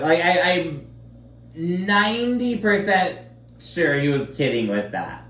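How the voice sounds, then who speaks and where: A man's voice: a little high, sing-song, slow. A man casually recapping a reality show, chatty and sarcastic, full of fillers and swearing. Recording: roomy echo, slightly distant mic, faint background noise.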